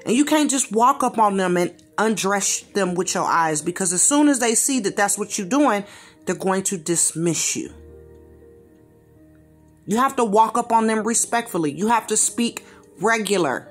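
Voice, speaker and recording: A woman talks straight to the camera in a blunt reaction rant, full of slang and repeated words for emphasis. Her voice sits at an ordinary middle pitch. Faint music plays underneath. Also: lively intonation, measured pace, a bit bright, slightly rough. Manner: slangy informal speech. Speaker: commentator reacting to a video.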